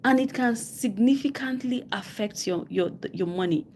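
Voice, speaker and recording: On this live stream, a personal finance coach with a West African English accent talks at a moderate pace. Her voice is a little high with a darkish tone, and there's a slight hiss or hum. Emphatic throughout, she repeats key phrases and imitates people in mock voices.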